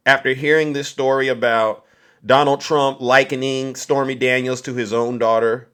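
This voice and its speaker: A man holds forth to his live-stream audience in a mock-solemn, sermon-like speech. His voice sits a little on the high side, and he leans into a theatrical, preachy delivery with drawn-out pauses. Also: fairly bright tone.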